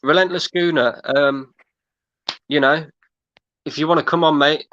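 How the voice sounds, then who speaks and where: Guy ranting on his livestream, fed up, keeps repeating himself, bright voice. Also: a little high, fairly even intonation, a little slow, highs cut off. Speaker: fan channel host. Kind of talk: livestream rant reading chat.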